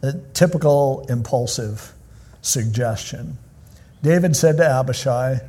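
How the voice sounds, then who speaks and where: Husky-voiced male pastor preaching. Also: mid-range voice, moderate pace. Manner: animated, conversational storytelling. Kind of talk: sermon.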